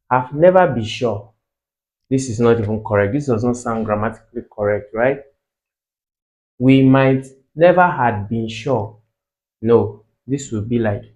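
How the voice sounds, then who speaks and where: Male tutor, Nigerian English accent, mid-pitched, measured and slow, drills words by repeating them. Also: darkish tone, dull audio. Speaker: exam tutor. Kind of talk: tutorial explanation.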